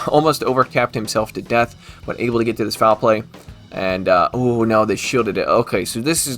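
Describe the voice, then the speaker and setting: A man hosting a gaming channel, casually commenting on online battles with chatty asides and quick self-corrections. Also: mid-range voice, fairly bright tone.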